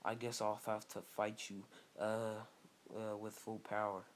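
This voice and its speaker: A man voicing a calm, teasing adult male ninja teacher in his own everyday voice, with an offhand, relaxed manner. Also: fairly low pitch, unhurried, slight background noise, natural voice.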